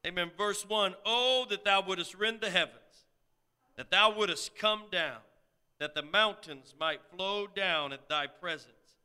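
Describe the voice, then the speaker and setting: A man preaching with a very bright, crisp voice pitched fairly high for a man. He reads scripture, says amen again and again, and climbs from soft talk to loud cries. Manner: builds from quiet talk to loud shouted pleading; repeats amen often. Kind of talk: sermon.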